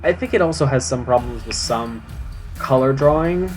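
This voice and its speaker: A young man chatting casually while streaming a game, his voice sitting at an ordinary middle pitch. He rambles, fills gaps with "um" and trips over his own sentences. Soft music plays faintly underneath. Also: normal speed. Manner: rambling, lots of "um"s and restarts; chatty, self-mocking. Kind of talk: casual live-stream chat.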